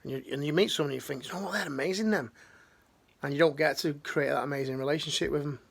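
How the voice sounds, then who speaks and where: Middle-aged man, ex-military life coach, gravelly, slangy and heartfelt, restarts a lot. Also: a little high, fast talker. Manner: earnest, slangy, rambling with restarts. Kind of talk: emotional motivational talk.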